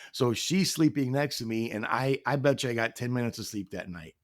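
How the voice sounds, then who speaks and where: A man's voice: medium pitch, moderate pace, dry recording, clean studio sound. A middle-aged man telling a candid personal story as a podcast guest, earnest and reflective, voicing the people in it. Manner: earnest, reflective, acts out quoted dialogue.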